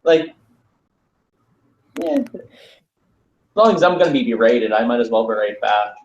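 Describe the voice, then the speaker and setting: A man's voice: medium pitch, sing-song, unhurried. Joking man on a roomy video call. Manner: joking, teasing. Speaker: hangout participant. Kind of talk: casual group chat. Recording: roomy, dull, faint noise.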